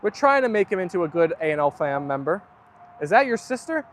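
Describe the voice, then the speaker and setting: A man's voice: high-pitched, big pitch swings, fairly quick. A young man hosting a casual livestream, chatting loosely and reading viewer comments aloud. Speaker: livestream host.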